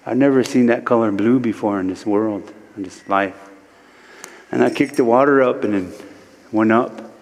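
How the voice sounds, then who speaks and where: A man from Standing Rock recounts a spiritual vision at a worship service, unhurried and measured, in short phrases at a middling pitch. His voice lifts steeply when he quotes, and a long hall reverb trails every line. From Standing Rock, United States. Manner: slow, measured storytelling in short phrases, voice rising sharply for quoted speech. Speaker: guest speaker, spiritual teacher. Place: church sanctuary.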